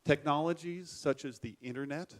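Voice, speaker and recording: Keynote speaker, man, middle-aged, measured and formal delivery. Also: on the high side. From United States. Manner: measured, formal, self-deprecating. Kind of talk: formal conference speech.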